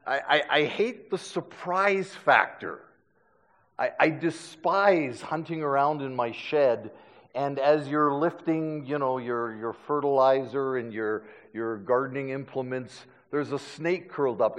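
A man's voice: a little high, in a large hall. A middle-aged man preaching a sermon, telling stories with self-deprecating humor and frequent stammered restarts. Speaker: pastor.

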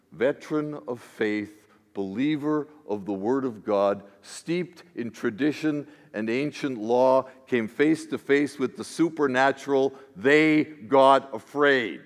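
A male pastor preaches slowly and deliberately, dropping to hushed asides before rising to emphatic declarations. His voice sits at an ordinary male pitch. It rings out with the long reverb of a church sanctuary. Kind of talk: sermon. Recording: long reverb of a large hall.

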